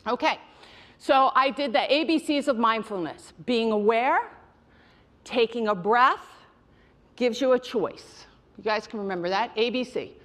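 A woman's voice: fairly high pitch, a little slow, fairly bright tone. A middle-aged woman giving a direct, emphatic motivational talk on mindfulness to an audience she calls you guys. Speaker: mindfulness speaker.

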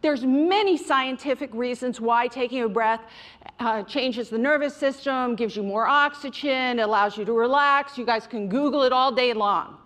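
Middle-aged woman teaching mindfulness, talks straight at the crowd, kinda high voice. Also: moderate pace, fairly bright tone. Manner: direct, emphatic, addresses listeners as you guys. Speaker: mindfulness speaker. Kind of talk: motivational talk to an audience.

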